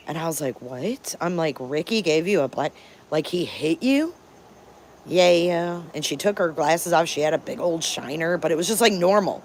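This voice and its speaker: A woman's voice: sits low, lively intonation, moderate pace, a little mellow. A woman in her fifties from Detroit, hosting a live stream and telling stories in a candid, profane, emphatic way. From Detroit, Michigan. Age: 50s. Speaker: channel host. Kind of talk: live-stream storytelling chat.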